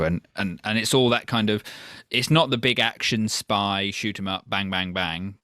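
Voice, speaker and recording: A man's voice: fairly low pitch, moderate pace, few pauses, bright, forceful tone, no echo, clean studio sound. A man co-hosting a casual film review podcast, joking, interrupting and slipping into mock posh impressions. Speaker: podcast co-host.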